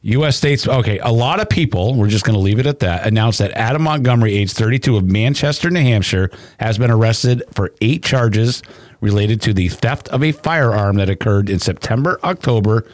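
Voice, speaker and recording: A man's voice: lowish voice, animated, fairly quick, no echo. A man co-hosting a podcast in casual chat, reading news aloud with running asides. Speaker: podcast co-host. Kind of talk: casual true-crime chat.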